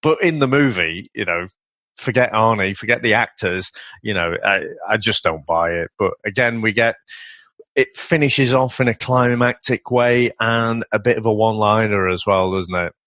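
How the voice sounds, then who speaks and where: A man co-hosting a casual film review podcast, chatty and quick to laugh, with a lot of rambling asides. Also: lowish voice, fairly bright tone, dry recording. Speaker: podcast co-host.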